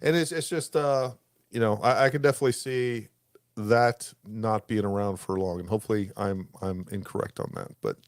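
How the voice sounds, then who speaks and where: A man's voice: fairly low pitch, moderate pace, no room sound, clean studio sound. A man hosting a casual podcast, telling stories and acting out dialogue with a raised voice. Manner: animated storyteller, acts out dialogue with raised voice. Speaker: podcast host. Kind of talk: casual storytelling chat.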